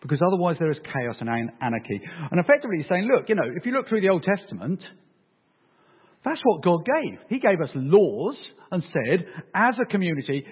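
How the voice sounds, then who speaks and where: A man preaching a sermon, animated and joking with his congregation. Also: high voice, fairly quick, slightly rough. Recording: phone-like, echoey hall sound.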